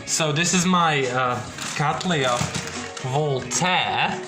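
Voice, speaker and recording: A man's voice: fairly high pitch, very slow, over music. A young man showing his orchids at home in a casual vlog, rambling with restarts and asking "yeah?" often. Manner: rambling, many restarts and tag questions. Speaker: orchid hobbyist vlogger. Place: indoors at home among plants and boxes.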